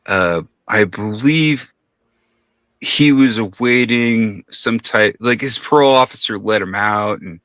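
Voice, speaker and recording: A man's voice: on the low side, slow, fairly bright tone, no echo. A man telling a long story in casual podcast talk, rambling and profane, acting out the voices of the people in it.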